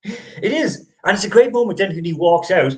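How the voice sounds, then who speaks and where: A man's voice: high voice, expressive, moderate pace, rough recording. A middle-aged man hosting a casual sports chat show, rambling with frequent restarts and easy laughter. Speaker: host.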